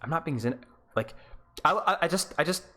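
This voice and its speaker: Bright, lively-voiced man coaching games. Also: fairly high pitch, fairly quick. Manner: rambling, self-interrupting, sarcastic asides. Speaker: game coach. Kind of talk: live-stream clip review.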